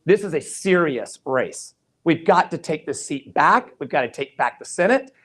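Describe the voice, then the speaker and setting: A man's voice: on the high side, expressive, moderate pace, fairly bright tone, breathy edge. A man giving an earnest campaign stump speech. He retells past conversations in quoted dialogue and drives his points home with repeated phrases. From Georgia, USA. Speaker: political candidate.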